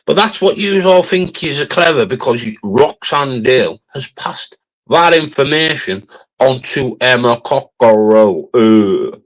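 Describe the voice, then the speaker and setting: A man's voice: mid-range voice, expressive, unhurried, poor audio. A man with a Cumbrian accent hosting a livestream, ranting confrontationally and ending phrases with a challenging "right?". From northern England. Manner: confrontational, repeats "right?" constantly. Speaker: livestream host. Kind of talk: heated livestream rant.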